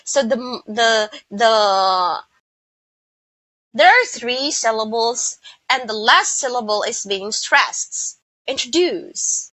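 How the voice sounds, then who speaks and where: A woman teaching English pronunciation, slowly modelling word stress and repeating example words. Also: fairly high pitch, bright, forceful tone, dry recording, rough recording. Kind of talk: online lesson.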